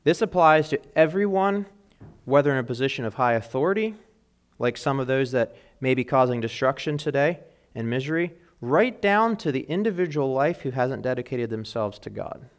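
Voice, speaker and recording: A man preaching a sermon in an earnest way, rising in emphasis and dropping to quiet asides, and reading scripture aloud with weight. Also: medium pitch, animated, moderate pace. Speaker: pastor.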